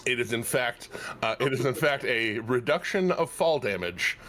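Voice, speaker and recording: A man running a tabletop game as game master, talking in a halting way with many restarts and frequent laughs. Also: mid-range voice, expressive, fairly bright tone, soft background music. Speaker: dungeon master.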